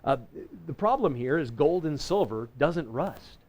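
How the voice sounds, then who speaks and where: A man teaching a Bible lesson in a folksy, conversational way, slowing down to read scripture verses. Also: a little high, expressive, darkish tone. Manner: folksy and conversational, reading scripture slowly and deliberately; self-correcting with frequent restarts. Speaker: pastor teaching a Bible class.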